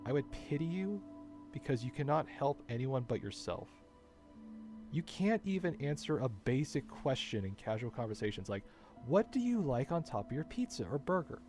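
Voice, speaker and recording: A man's voice: mid-range voice, a little mellow. A man in an unscripted personal rant, frustrated and swearing, often circling back to repeat his points. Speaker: vlogger.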